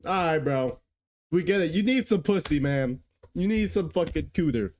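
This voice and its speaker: A woman giving reaction commentary in a slangy, incredulous way, swinging from low mutters to squealing outbursts. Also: expressive, normal speed, a little mellow.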